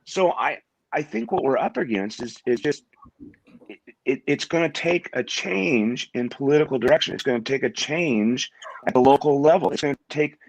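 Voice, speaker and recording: A middle-aged man from Washington State, a guest in an interview, talking in a halting way and often repeating words as he restarts his sentences. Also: mid-range voice, expressive, creaky, no echo. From Washington State, USA. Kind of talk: conversational interview.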